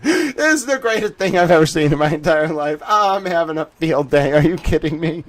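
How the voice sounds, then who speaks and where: A man's voice: fairly high pitch, lively intonation, normal speed. Amused man reading court transcripts. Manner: laughs often and reacts with amused disbelief. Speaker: livestream host.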